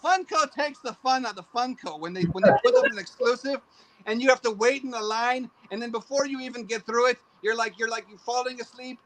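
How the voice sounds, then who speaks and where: A man talking as a guest on a casual podcast, animated and goofy, breaking into silly voices and mock outbursts. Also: extremely high pitch, quick pace, rough recording.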